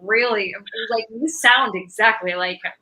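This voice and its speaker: A woman's voice: fairly high pitch, measured pace, bright, forceful tone, poor audio. A woman comedian, a guest in a casual interview, talking animatedly and laughing often.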